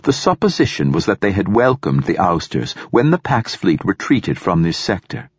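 A man voicing a calm, precise male android companion in an audiobook. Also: low-pitched, normal speed, breathy edge, dry recording, clean studio sound, full character voice.

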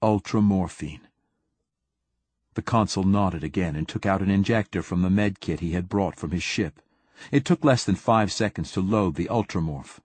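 A man narrating an audiobook in a steady storytelling manner. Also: low voice, normal speed, husky, no echo. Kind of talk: scripted narration.

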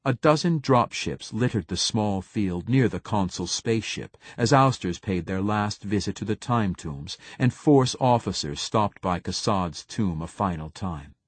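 Husky low-voiced male narrator. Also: animated, a little slow, hardly any pauses, dry recording. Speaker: audiobook narrator. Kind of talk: scripted narration.

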